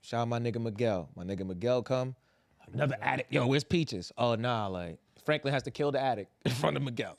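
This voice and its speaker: A young adult man on a podcast, recapping a TV finale in casual, profane, animated chat and acting out quotes. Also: medium pitch, fast talker, creaky, no echo. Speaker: podcast co-host.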